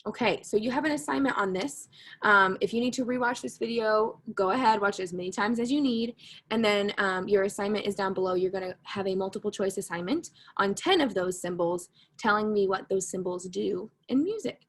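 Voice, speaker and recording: A woman's voice: mid-range voice, moderate pace, a bit bright. A woman teaching a recorded music lesson, patient and repetitive, correcting her own slips with a laugh at herself. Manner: patient, repeats key points, self-correcting with humor.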